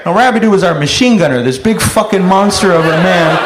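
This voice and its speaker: A man doing a profane stand-up routine, telling stories and shouting out loud impressions. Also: high-pitched, expressive, brisk, hardly any pauses. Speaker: stand-up comedian. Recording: echoey room with loud noise.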